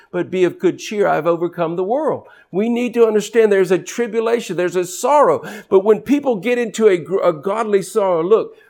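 A man preaching a sermon with passion, repeating words as he builds a point and swinging from low, quiet stretches to high, rising emphasis. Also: brisk, hardly any pauses.

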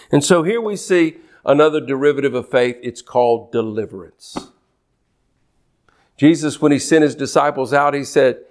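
A male preacher, delivering a lively sermon and mimicking complainers in whiny voices. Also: mid-range voice, fairly quick. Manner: animated, mocks worriers in whiny put-on voices.

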